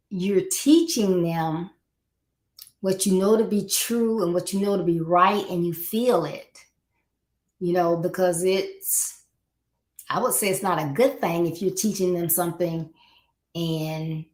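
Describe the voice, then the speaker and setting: A woman hosting a podcast, giving an earnest, conversational motivational talk on parenting and asking rhetorical questions. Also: lowish voice. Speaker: podcast host. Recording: roomy echo.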